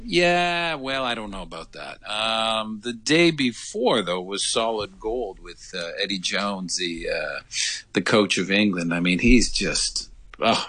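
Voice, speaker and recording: Animated man telling a story on the phone. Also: on the low side, a little slow, no echo. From United States. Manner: animated storyteller with many restarts and laughs. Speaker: sports reporter calling in. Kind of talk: casual radio phone chat. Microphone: phone line.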